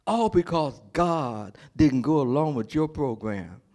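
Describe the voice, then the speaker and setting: A male pastor delivering a sermon with a swooping, expressive voice that sits a little high for a man. He keeps the congregation involved with call-and-response questions. He acts out the characters of the story in dramatic voices. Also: a little slow.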